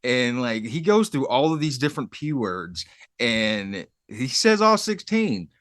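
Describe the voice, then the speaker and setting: In a clean studio recording free of room sound, a male podcast co-host chats casually through a TV episode recap, performing the characters' dialogue. His mid-range, fairly bright voice swings widely in pitch while keeping a measured pace.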